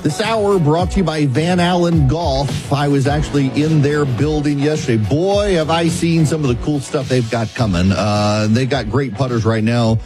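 A man's voice: fairly high pitch, moderate pace, few pauses, music in the background. A male talk radio host, reading an ad in a chatty, folksy way before turning to the news. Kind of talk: talk radio with live ad read.

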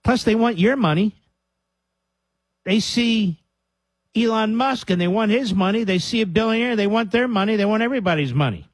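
Husky-voiced combative talk radio man. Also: sits high, animated, normal speed, no room sound. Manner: combative, sarcastic, interrupts clips to mock. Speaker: radio talk show host.

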